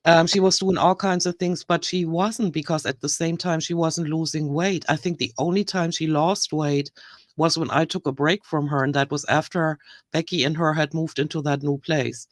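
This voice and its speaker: A woman with a German accent chatting casually on a livestream, halting and hesitant, with frequent restarts. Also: sits low, steady tone, no echo, studio quality. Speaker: livestream host.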